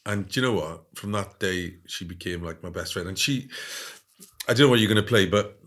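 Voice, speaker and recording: A man telling stories in a casual interview, animated and often adding "right?". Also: sits low, a little fast. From Wales. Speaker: guest.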